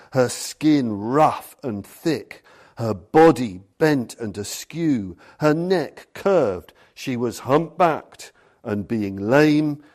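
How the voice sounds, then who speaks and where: Male Buddhist teacher, unhurried talk, tells stories and reads passages, mid-pitched. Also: darkish tone. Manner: storytelling, reads passages aloud. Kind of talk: dharma talk.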